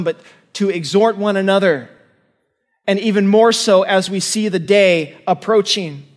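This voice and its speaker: A male pastor preaching a sermon in an earnest, emphatic way, often asking his listeners questions. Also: high-pitched. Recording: long hall reverb.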